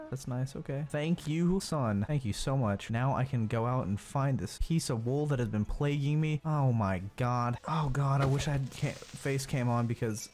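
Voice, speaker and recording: A man's voice: mid-range voice, animated, measured pace, darkish tone. A man commentating his own gameplay, jumpy and self-mocking, talking to the creatures on screen. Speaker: gaming streamer. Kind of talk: let's play commentary.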